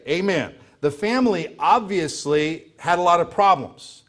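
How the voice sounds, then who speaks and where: Earnest American pastor preaching. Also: male voice, a little high, normal speed, hardly any pauses. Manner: earnest preaching, repeats key phrases for emphasis. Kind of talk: sermon.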